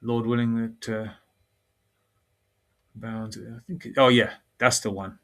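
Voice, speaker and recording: A man talks through a scripture teaching in a loose, rambling way and keeps circling back with fillers. His pitch sits in a middle range. When he quotes verses, he slows right down and reads with weight. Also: flat delivery, a bit bright. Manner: rambling and conversational, full of fillers; reads verses slowly and deliberately. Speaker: religious teacher. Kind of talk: informal scripture teaching monologue.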